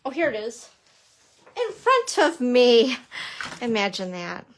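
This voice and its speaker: Her pitch runs a little high and swings hugely as she speaks slowly. This middle-aged woman teaches papercrafting on a live stream, cheerfully chatting, welcoming viewers, and making fun of herself as she works.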